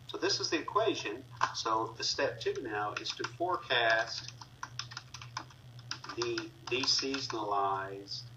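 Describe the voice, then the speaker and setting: A man teaching a class talks slowly through a screen-recorded spreadsheet tutorial, clicking along and using plenty of fillers. His medium-pitched voice has lively intonation, recorded on a distant mic with faint background noise.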